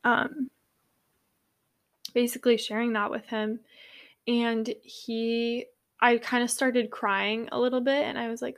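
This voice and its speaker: A young woman from California talks in a casual, rambling way, with fillers and restarts. Her voice sits a little high and she sounds sincere. She is a yoga teacher sharing her own experience. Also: level tone, a little slow, long pauses. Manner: rambling, filler-heavy, earnest. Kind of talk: casual personal storytelling.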